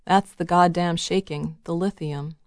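A woman reading the lines of a gruff, blunt older father who barks out sardonic remarks. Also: lowish voice, steady tone, a little slow, dry recording, clean studio sound. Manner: barking, sardonic.

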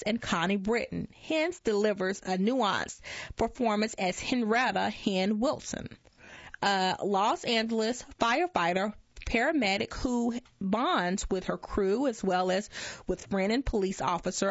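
Woman reading a magazine aloud, lively pitch. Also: dry recording. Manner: unhurried reading with frequent stumbles and self-corrections. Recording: dull lo-fi dry recording.

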